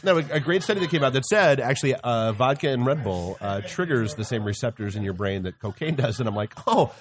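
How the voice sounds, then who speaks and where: A man's voice: medium pitch, expressive, fast, a crowd in the background. A man co-hosting a podcast live in a bar, trading crude jokes with his co-hosts. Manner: joking, crude banter. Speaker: podcast co-host.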